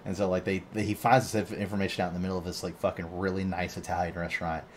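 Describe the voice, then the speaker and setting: A man's voice: sits low, little pitch movement, very fast, slight background noise. A man hosting a podcast, telling a long rambling story in casual chat and swearing constantly. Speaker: podcast host.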